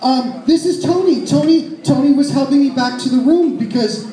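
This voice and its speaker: A woman's voice: normal speed, mellow, distant mic, faint music behind, natural voice. A man voicing a flustered, drunk middle-aged woman who stammers shrilly in a stand-up bit. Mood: panicked. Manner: shrill, stammering, overly cheerful. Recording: roomy echo.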